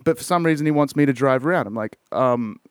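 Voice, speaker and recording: A man's voice: a little high, very fast, clear, resonant tone, no room sound, studio quality. An Australian man telling a rambling, profane story in a casual podcast chat. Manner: profane, rambling, self-interrupting. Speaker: podcast host.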